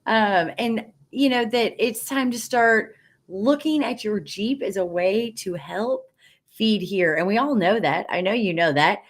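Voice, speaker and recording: A woman's voice: mid-range voice, a little slow. A woman hosting a live stream, chatting and reading viewer comments in an upbeat, encouraging, gushing way. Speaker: host of a live stream for women Jeep owners. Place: studio.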